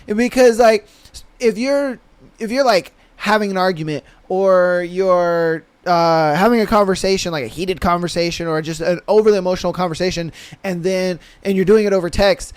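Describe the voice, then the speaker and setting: A man's voice: high-pitched, normal speed, clear, resonant tone, dry recording. A young man hosting a casual solo podcast, talking in a laid-back, slangy way and laughing often. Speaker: podcast host.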